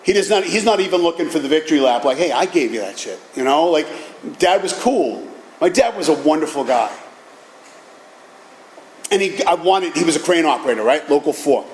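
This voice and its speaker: A middle-aged man tells a personal story to a meeting crowd, lively and blunt, with a bit of cursing. His voice sits high for a man. It bounces around an echoey hall with a faint hum of ambience behind him. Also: a little fast, long pauses. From Boston area, USA. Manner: animated storytelling with casual profanity. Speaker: recovery meeting speaker.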